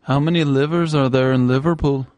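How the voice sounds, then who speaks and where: A young man hosting a casual college radio show, chatty and quick. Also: medium pitch, fairly even intonation, a little mellow, dry recording. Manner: quick, chatty, laughs easily. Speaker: radio host.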